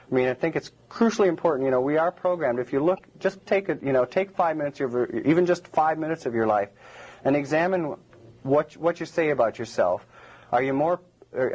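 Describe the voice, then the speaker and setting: A man's voice: a little high, darkish tone, poor audio. A man giving a public lecture to a live audience, rambling and digressive with many restarts.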